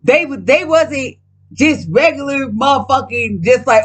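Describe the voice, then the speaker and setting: A woman's voice: sits high, animated, unhurried, slightly rough. A woman vlogger talking casually while reading tarot cards, profane and emphatic, rambling and speaking straight to her viewers.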